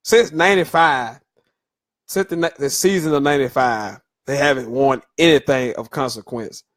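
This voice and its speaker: A man's voice: medium pitch, normal speed, fairly bright tone. A middle-aged man hosting a solo sports talk podcast, loose and opinionated, with fillers and stumbles as he reads through lists.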